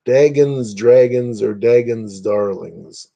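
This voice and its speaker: Guy rambling on a livestream, kinda low voice, super mellow and dark. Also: slow pace, gravelly, highs cut off. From Northeast Indiana, USA. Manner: rambling, chatty, greets viewers by name. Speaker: livestream host. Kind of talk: casual livestream chat.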